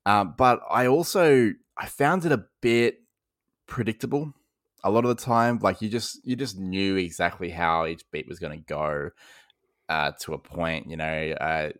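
A man's voice: sits low, measured pace, fairly bright tone, no room sound, clean studio sound. An Australian man hosting a casual film podcast, ranting animatedly and breaking into laughs. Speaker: podcast host.

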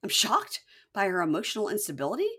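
A woman voicing a timid, hesitant middle-aged man who speaks haltingly. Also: mid-range voice, huge pitch swings, bright, forceful tone, breathy edge, full character voice. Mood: meek. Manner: halting and unsure.

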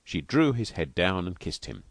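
A man reading a novel aloud as an audiobook with expressive delivery. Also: deep voice, normal speed, gravelly, no echo. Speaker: audiobook reader. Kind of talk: audiobook narration.

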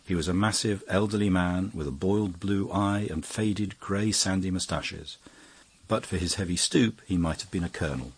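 A man narrating an audiobook in a measured, even reading. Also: low voice, breathy edge. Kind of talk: scripted narration.

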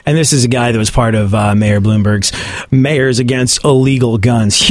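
A man's voice: medium pitch, moderate pace, no room sound. A man giving sarcastic comedic commentary on the news and often laughing at his own points.

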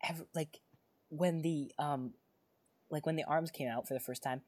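A podcast co-host in casual chat, talking in an excitable, rambling way with many fillers and restarts. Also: mid-range voice, normal speed.

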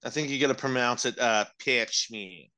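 A man's voice: medium pitch, normal speed, bright, forceful tone, smooth. A man co-hosting a casual comedy podcast, joking in a self-deprecating way and cutting in to clarify. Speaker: podcast co-host.

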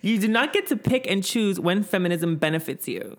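A woman's voice: mid-range voice, animated, fairly quick. Sarcastic, profane woman co-host. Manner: sarcastic and profane, laughs often. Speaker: podcast co-host. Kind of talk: casual chat.

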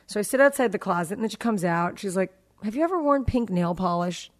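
A woman in her forties, chatting on a podcast. She tells a long family story, slipping into the voices of her kids as she goes. Her pitch sits mid-range for a woman. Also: lively intonation, fast talker. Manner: storytelling, acting out family dialogue. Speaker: podcast host. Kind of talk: casual chat.

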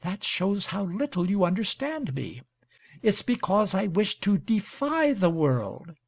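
Eager young lady in a storybook reading, coaxing and playful, pitched up high and swinging all over, a bit gravelly since a guy's doing her. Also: sing-song, unhurried, no echo, studio quality, exaggerated voice. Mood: pleading. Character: eager affectionate young woman.

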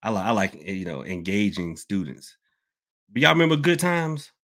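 A man's voice: fairly low pitch, sing-song, normal speed, fairly bright tone. A man hosting a casual podcast, rambling, repeating himself and calling his listeners y'all. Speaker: podcast host and hoodoo worker. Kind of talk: casual open-topic podcast talk.

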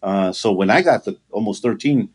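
A man giving an earnest personal testimony in an interview, halting and full of fillers. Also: fairly low pitch, darkish tone, slightly rough. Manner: halting, with frequent fillers and restarts; earnest, with occasional laughter. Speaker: interview guest.

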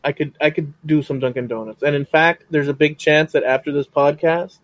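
A man's voice: fairly high pitch, fairly even intonation, brisk, no echo. A man hosting a podcast in casual chat, rambling and often saying frickin'. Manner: rambling, says frickin' a lot. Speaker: podcast host.

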